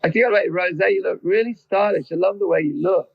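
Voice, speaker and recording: High-voiced Australian man, effusive. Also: fast, vocal fry. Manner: effusive, complimentary, rambling questions. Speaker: interviewer, film director. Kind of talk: video interview chat. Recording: dull lo-fi audio.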